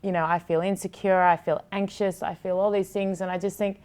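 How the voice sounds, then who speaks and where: A woman's voice: on the low side, flat delivery, a little fast, darkish tone, clean tone. A woman who hosts a TV sports show, talking frankly and with feeling in a podcast conversation, swearing now and then. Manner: frank and heartfelt, swears freely.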